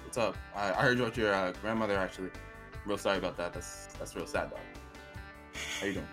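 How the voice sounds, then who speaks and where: A man's voice: low voice, fast, a bit bright, soft background music. A man doing a laid-back slangy bartender. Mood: sympathetic. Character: friendly male bartender, longtime acquaintance.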